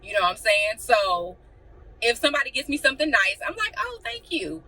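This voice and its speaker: Bright-voiced, blunt young woman vlogger. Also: fairly high pitch, fairly quick, distant mic, a little hiss or hum, poor audio. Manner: blunt, animated, acts out quotes. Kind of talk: casual chat to camera.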